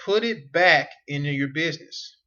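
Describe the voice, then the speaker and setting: Male business coach, slightly high voice, drives points home with rhetorical questions. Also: lively intonation, moderate pace, bright, forceful tone, lo-fi sound. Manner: repetitive, emphatic, asks rhetorical questions. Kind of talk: whiteboard teaching monologue.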